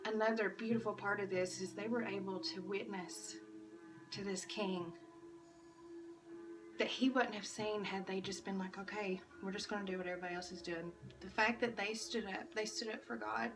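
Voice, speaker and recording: A woman's voice: mid-range voice, distant mic, poor audio. A woman giving an earnest, emotional devotional talk to church kids, restarting her phrases often. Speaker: church kids' devotional speaker. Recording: music behind, voice a bit off-mic.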